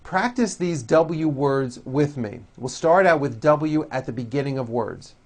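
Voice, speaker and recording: A man teaching English pronunciation, modelling drill words with slow, carefully over-articulated speech and explaining the sounds between them. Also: a little high, expressive, darkish tone.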